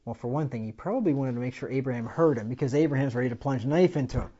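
A man preaches an expository sermon conversationally, paraphrasing scripture in everyday language and swelling loudly on dramatic lines. His mid-range voice is very fast with a breathy edge, and the recording is muffled.

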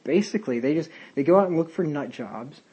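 A man's voice: on the high side, lively intonation, brisk, warm tone, slightly rough, low-quality recording. A man leading a casual Bible study, talking in a rambling, conversational way with many fillers and tangents. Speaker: Bible teacher.

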